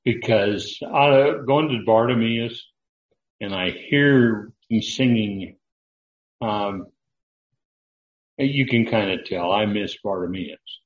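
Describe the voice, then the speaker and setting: An older man preaching a sermon, speaking in a slow, halting way with frequent fillers and restarts. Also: lowish voice, echoey room, dull audio. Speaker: pastor.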